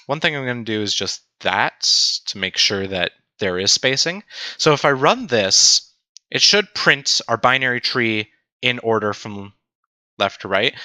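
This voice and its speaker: A young man teaching a programming tutorial on a livestream, animated and self-mocking as he talks to his chat. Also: mid-range voice, unhurried, no room sound. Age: young adult. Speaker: teaching assistant.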